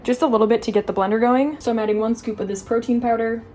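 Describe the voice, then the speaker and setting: A woman's voice: on the high side, steady tone, quick pace, mellow, a little hiss or hum. A woman co-hosting a cooking channel, chatting casually as she explains each step of a recipe. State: out of breath.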